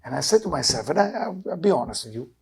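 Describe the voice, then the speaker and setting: A man in his sixties with an Israeli accent, a Kabbalah teacher giving an emotional sermon that swings between loud urging and low, hushed tones. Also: big pitch swings, very fast, gravelly. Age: 60s. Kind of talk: impassioned sermon.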